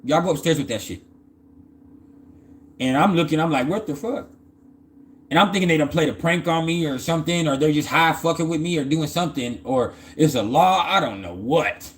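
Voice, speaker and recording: A man's voice: on the high side, fairly quick, hardly any pauses. Slangy man telling a story. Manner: loose, slangy and profane, with frequent stammered restarts. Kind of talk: casual personal storytelling.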